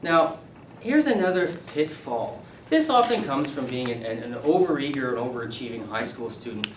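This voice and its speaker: A middle-aged man, a university English professor, leading a classroom seminar, animated and quizzing his students. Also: mid-range voice, normal speed, a little hiss or hum. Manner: animated, asks the class questions and repeats their answers. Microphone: camera at a distance. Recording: echoey room, voice from far off.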